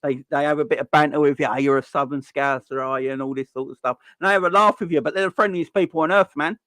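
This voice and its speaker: A man, hosting a football channel, giving a heated monologue full of repeats and restarts that climbs toward near-shouting. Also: fairly high pitch, fairly even intonation, fast, no echo. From London. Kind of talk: passionate ranting monologue.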